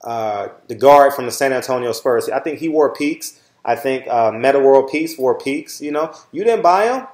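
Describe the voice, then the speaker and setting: In an echoey room, a middle-aged man with a Southern Californian accent talks to his channel's viewers in a casual monologue. He lectures them bluntly, swears freely, and repeats "all right?" constantly. His voice is medium-pitched and a little mellow, and he keeps a moderate pace with few pauses.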